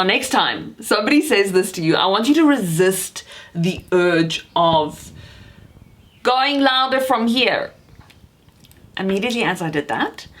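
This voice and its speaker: A woman with a lowish voice gives a vocal coaching lesson straight to camera. She speaks with emphasis and encouragement and stresses her key points. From South Africa. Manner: emphatic, encouraging, demonstrates shouting.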